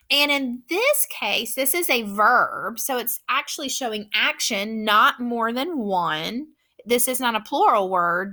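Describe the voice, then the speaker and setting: A woman teacher walks children through a phonics lesson, speaking slowly and carefully. Her voice sits a little high and sounds bright and crisp. She encourages them warmly as she explains each step. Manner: slow, clear, encouraging teacher talk.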